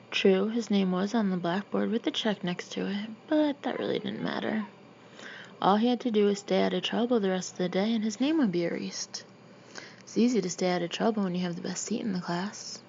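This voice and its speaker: A woman's voice: mid-range voice, creaky, a little mellow. Woman reading a storybook aloud. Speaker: audiobook reader. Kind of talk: storybook narration. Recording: dull muffled home recording with faint hiss.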